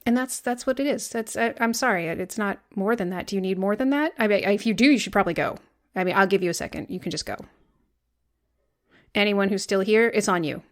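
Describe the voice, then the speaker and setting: A woman's voice: mid-range voice, quick pace. Rambly woman podcast host, 30s, swears a lot, talks with big emphasis. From Vermont. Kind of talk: casual chat.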